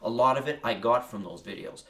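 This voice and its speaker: A man's voice: medium pitch, expressive, brisk, creaky, fairly bright tone. A man walking through his songwriting process in a casual, rambling way, often breaking off mid-thought and musing aloud. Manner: rambling, self-interrupting, musing asides. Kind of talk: casual spoken walkthrough.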